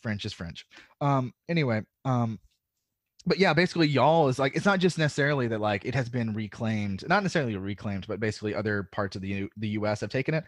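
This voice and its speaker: Animated and quick-talking, a podcast guest from the Southern United States chats casually in a mid-range voice with a faint drawl. He rambles, fills his speech with filler words, and swears freely on a dry recording.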